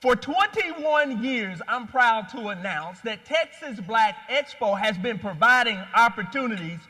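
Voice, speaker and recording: A man giving a live keynote speech at an expo, telling a story and rallying the crowd with animated energy. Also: very high voice, measured pace. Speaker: founder and CEO giving a keynote. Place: large hall at a live expo. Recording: long hall reverb.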